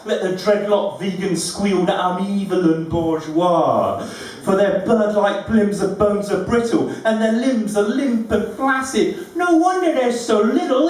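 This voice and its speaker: A man performing his own rhyming poems at a live event, with a rhythmic, deliberate and witty delivery. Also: sits high, far from the mic. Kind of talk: rhyming poetry recitation. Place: live venue room. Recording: very echoey room, recorded from afar.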